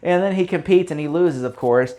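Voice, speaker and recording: A man's voice: a little high, fairly quick, dark tone. A man giving a casual spoken movie review, rambling through the plot with many fillers and restarts, blunt and opinionated.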